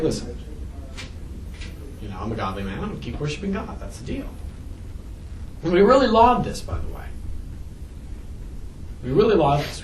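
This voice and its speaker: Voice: medium pitch, darkish tone, far from the mic, a little hiss or hum. A teacher giving a casual, joking classroom lecture and asking the class questions. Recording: echoey classroom taped from afar.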